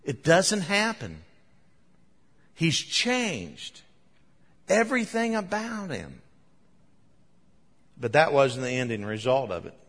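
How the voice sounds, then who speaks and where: A man preaching a sermon, telling the story with animated emphasis and chuckles. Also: a little high, slow, pauses often, big-room sound.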